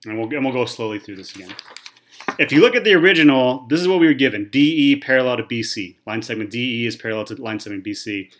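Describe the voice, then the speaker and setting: A thirties-aged male math teacher chats casually through a whiteboard lesson, speaking fast with a medium-pitched, expressive voice. He keeps checking in with "okay" and "right," repeating them often.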